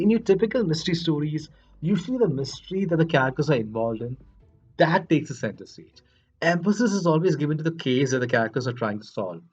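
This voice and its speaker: Husky, chatty male film reviewer. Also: medium pitch, a little mellow. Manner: earnest, self-deprecating, chatty. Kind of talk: casual spoken film review. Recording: dull lo-fi recording, faint music.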